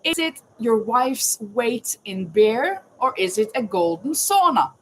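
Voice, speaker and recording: A woman's voice: on the high side, big pitch swings, slow pace, rough recording. A woman hosting a casual live chat, reading trivia questions aloud and greeting viewers by name. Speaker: livestream host running a trivia quiz.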